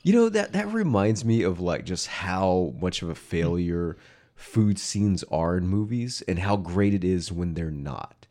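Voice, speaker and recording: Man, very low voice, deadpan, dry delivery, casual podcast chat. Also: unhurried. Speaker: podcast co-host.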